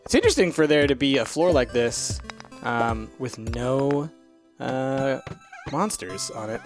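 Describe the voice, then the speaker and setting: A man's voice: mid-range voice, lively intonation, measured pace. A man casually commenting on a video game as he plays it, chatty and thinking aloud, with plenty of ums and uhs. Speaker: let's play host. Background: faint game music.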